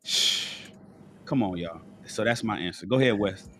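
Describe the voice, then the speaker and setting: A man's voice: lowish voice, normal speed, fairly bright tone, a little hiss or hum. A man who is sick and lying down, talking bluntly and profanely as a panelist in a casual chat, with many restarts and a cough. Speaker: panelist on a live call-in show. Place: at home in bed.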